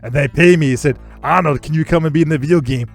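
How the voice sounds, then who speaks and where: A man putting on a boastful muscleman action hero with a thick Austrian-German accent, pitched a little high, faint game music underneath. He talks in punchy, self-praising lines. It sounds like a gaming-stream impression. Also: fast talker. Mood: pumped. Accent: put-on Austrian-German. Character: bragging muscleman action-star governor impression, male middle-aged.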